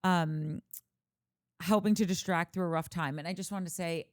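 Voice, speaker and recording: A woman's voice: fairly low pitch, steady tone, normal speed, no room sound, studio quality. A woman co-hosting a podcast, chatting casually and reading out listener comments. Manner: chatty, reads comments aloud. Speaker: podcast co-host.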